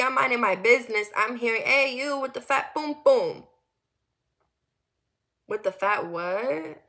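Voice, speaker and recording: A young woman from the US Northeast telling a personal story in a casual, animated way, acting out quotes and dropping to low murmurs. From Connecticut. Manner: animated and candid, acts out quoted lines, drops to low murmurs.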